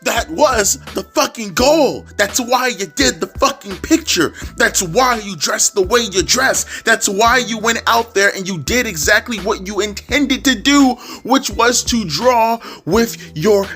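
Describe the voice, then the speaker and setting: A man's voice: sits high, expressive, unhurried, hardly any pauses, bright, forceful tone, faint music behind. A young man ranting as a YouTube wrestling commentator, profane, repetitive and exasperated.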